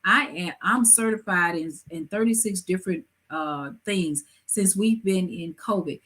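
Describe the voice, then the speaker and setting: A woman hosting a live talk show, giving hair-care advice in a lively, preachy way with emphatic asides. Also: on the low side, unhurried. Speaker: host.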